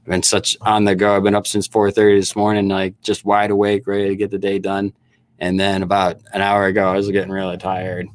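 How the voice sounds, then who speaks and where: A man's voice: deep voice, monotone, brisk. Chatty laughing man hosting a livestream. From Upper Peninsula of Michigan. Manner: laughing, chatty, stammering restarts. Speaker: livestream host and snake breeder. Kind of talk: casual livestream chat with viewers.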